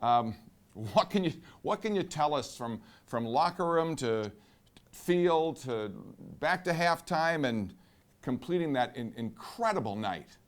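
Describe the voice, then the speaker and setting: Smooth-voiced male interviewer. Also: on the high side, animated. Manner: measured, reads statistics in long questions. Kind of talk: interview questions.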